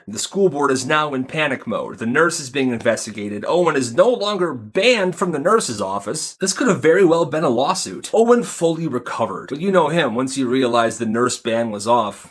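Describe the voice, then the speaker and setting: Young male storyteller, chatty and amused, husky voice, mid pitch. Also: a bit bright. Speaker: storytime narrator. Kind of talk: casual storytime narration.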